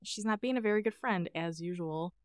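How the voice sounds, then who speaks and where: A woman's voice: lowish voice, fairly quick, clean tone, no echo, studio quality. A woman co-hosting a podcast, casually sharing reflective, opinionated commentary on a TV show. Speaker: podcast co-host. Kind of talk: casual discussion.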